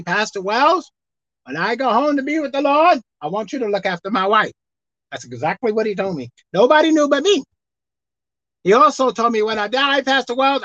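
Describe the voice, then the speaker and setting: High, lively woman pastor preaching. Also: no echo. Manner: preaching with dramatic swings from soft to shouted. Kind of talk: sermon. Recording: dull dry sound.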